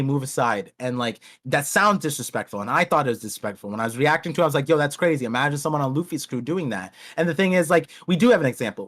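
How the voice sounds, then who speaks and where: A man's voice: medium pitch, a bit bright. A man hosting a podcast in casual chat, rambling with many restarts and acting out characters. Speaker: podcast host.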